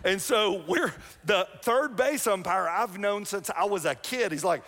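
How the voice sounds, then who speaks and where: A man's voice: sits high, animated, measured pace, fairly bright tone. A middle-aged man, preaching a sermon as pastor in a chatty, self-mocking storytelling way. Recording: long reverb of a church hall.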